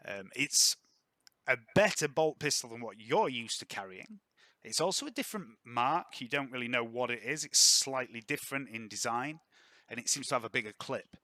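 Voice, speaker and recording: A man running a tabletop role-playing game as game master, narrating scenes in a chatty, lively way. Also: medium pitch, moderate pace, dry recording.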